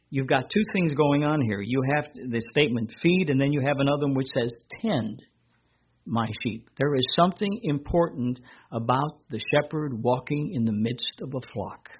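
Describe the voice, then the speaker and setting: A man preaching a sermon as a pastor, rising in pitch and volume whenever he reads scripture aloud. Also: normal speed, dull audio, slight background noise.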